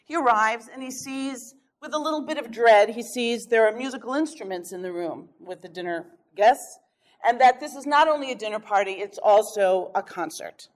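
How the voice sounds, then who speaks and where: A woman giving a workshop talk, telling an anecdote in a lively, storytelling way with small chuckles. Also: a little high, normal speed. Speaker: workshop speaker. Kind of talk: storytelling lecture.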